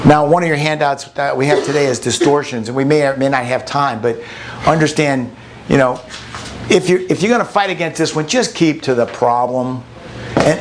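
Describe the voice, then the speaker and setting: A man's voice: on the high side, slight background noise. A man presenting a relationship workshop to a group in a casual, storytelling way, often repeating words as he restarts a sentence. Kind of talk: conversational teaching to a group.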